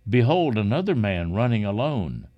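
A man's voice: low voice, expressive, moderate pace, lo-fi sound. Alert gate watchman, read by a man.

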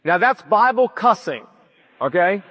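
A man preaching a sermon, retelling the scripture story in an animated way and acting out the quoted speech. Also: sits high, a little slow, big-room sound. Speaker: pastor.

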